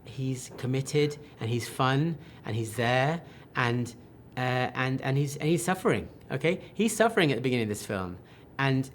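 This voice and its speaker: A man, a film director, answering interview questions with enthusiastic, animated talk full of restarts and quoted asides. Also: medium pitch, a little hiss or hum.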